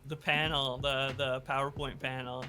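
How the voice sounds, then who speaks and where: A man guesting on a video-call chat, laughing often and breaking into loud shouted impressions. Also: mid-range voice, moderate pace, over music. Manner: laughing, animated, bursts into screaming impressions. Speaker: podcast guest.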